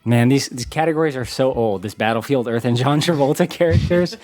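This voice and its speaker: A man in his thirties runs a trivia game on a casual podcast. His voice sits at an ordinary middle pitch and stays chatty and easygoing. He laughs often and reads each clue out plainly, with faint music under him. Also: a little fast, a little mellow. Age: 30s. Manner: chatty, laughs easily, reads clues aloud. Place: in-person podcast studio.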